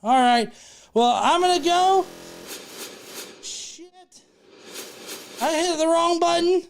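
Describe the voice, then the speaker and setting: A woman's voice: very high-pitched, expressive, slow pace. A woman chatting on a casual livestream, rambling through a silly made-up story while joking and swearing freely. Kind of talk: casual, profane livestream banter.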